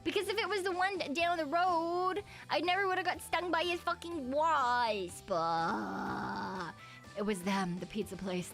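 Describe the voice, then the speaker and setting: A woman's voice: high voice, lively intonation, unhurried, vocal fry, fairly bright tone, faint music behind. A young woman streaming as a VTuber, chatting casually with her viewers, swearing freely and grumbling in a mock-dramatic way.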